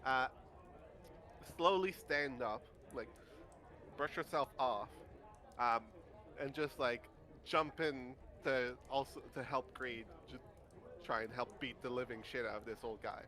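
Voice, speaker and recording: A man's voice: medium pitch, measured pace, pauses often, pushed and bright. Hesitant man playing a tabletop game. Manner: hesitant, lots of fillers. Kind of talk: casual game chat.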